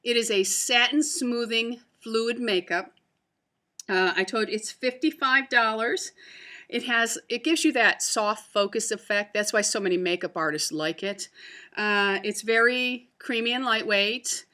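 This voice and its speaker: A woman's voice: on the high side, a little slow, bright, forceful tone. A woman reviewing beauty products to camera in a casual, chatty way, with many fillers and restarts. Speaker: beauty vlogger.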